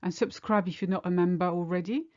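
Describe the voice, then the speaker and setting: A woman with a French accent, a native French speaker, teaching an online lesson and explaining examples slowly and clearly. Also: fairly low pitch, steady tone, mellow, lo-fi sound.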